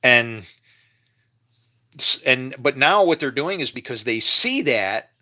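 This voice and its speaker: A man with a ringing, bright voice talks loosely and emotionally in his home kitchen. He drifts into preachy talk about faith and keeps laughing and restarting his sentences. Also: mid-range voice, lively intonation, takes it slowly. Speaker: vlogger. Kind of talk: rambling casual monologue.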